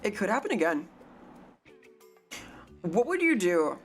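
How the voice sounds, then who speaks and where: A woman chatting casually on a live stream, rambling, joking and swearing freely. Her voice bounces through a lively pitch range, though her throat sounds strained from too little sleep. Faint music plays behind her. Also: unhurried.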